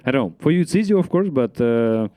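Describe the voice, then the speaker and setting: Animated man telling stories with frequent laughter. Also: mid-range voice, fast, no room sound. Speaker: comedian. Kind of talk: casual panel chat on stage.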